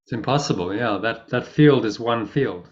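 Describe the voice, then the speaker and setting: A man leading a spiritual discussion, explaining ideas in a calm, measured way. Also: medium pitch. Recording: muffled lo-fi audio.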